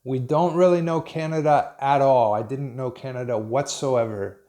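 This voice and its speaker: A man with an American accent, from Pennsylvania, giving an unscripted English lesson in a slow, thoughtful way with many pauses and restarts. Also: medium pitch, fairly even intonation, mellow. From Pennsylvania, USA. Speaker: English teacher.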